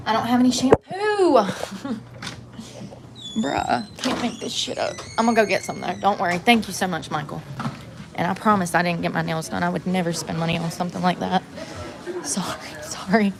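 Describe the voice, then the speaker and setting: A woman's voice: lowish voice, steady tone, moderate pace, vocal fry, background noise. Woman with a drawl, chatty and rambling on a phone livestream, faint ambience behind her. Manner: rambling, chatty, talks to viewers while out on errands. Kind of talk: casual live-stream chat.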